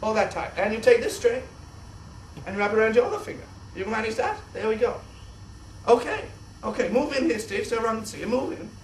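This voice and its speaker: High, excitable man presenting kids' science. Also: brisk, slight background noise. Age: young adult. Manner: exaggerated, excitable kids'-show host voice. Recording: echoey room, distant mic.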